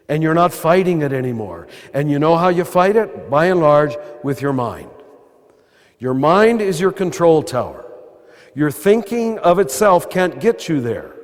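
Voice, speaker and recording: An older man with an American accent and a throaty voice, giving a conversational spiritual talk with wry asides as a priest. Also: fairly high pitch. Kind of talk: spiritual talk to a live audience. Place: large cathedral. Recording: long cathedral reverb.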